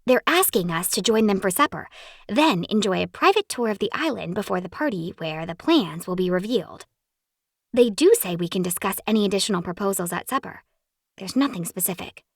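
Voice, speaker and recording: A woman's voice: mid-range voice, expressive, brisk, no room sound, studio quality. A woman voicing a curious young woman, eager and chatty as she talks with her sister. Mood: musing.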